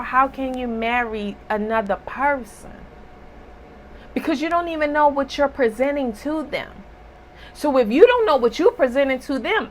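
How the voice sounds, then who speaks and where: A woman's voice: high voice, fairly bright tone, a little hiss or hum. A woman giving a casual spiritual reading, talking bluntly and emphatically with a scolding tone. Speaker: spiritual reader.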